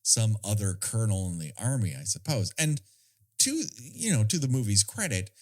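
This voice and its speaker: A man's voice: fairly low pitch, sing-song, moderate pace, darkish tone. A man co-hosting a podcast, chatting casually about a film in a sardonic, profane, storytelling way. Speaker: podcast co-host.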